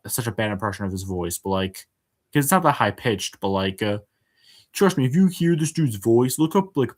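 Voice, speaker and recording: A man hosting a casual spoken review, hesitant, with many filler words and restarts, and frank and exasperated in tone. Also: medium pitch. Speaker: show reviewer.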